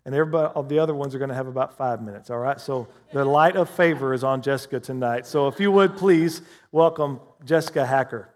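A man's voice: medium pitch, fast talker, few pauses, a little mellow. A man, a pastor preaching a sermon in a church, swinging from emphatic bursts to easy, chatty storytelling. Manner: preaches with rising, emphatic bursts, then chats easily. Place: church hall with a congregation.

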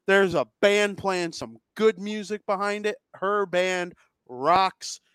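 Jokey man with a smooth voice. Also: high voice, takes it slowly, a bit bright, no room sound. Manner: enthusiastic, jokey. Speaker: podcast co-host. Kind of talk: casual chat.

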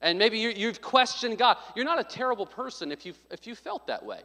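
A man's voice: sits high, sing-song, brisk, few pauses, pushed and bright. A man preaching a sermon, telling a story with joking asides and acting out what people said. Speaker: pastor. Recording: long hall reverb.

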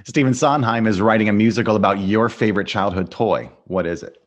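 Low-voiced enthusiastic male host. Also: lo-fi sound. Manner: enthusiastic, quick-fire questions. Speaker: podcast host. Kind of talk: casual interview.

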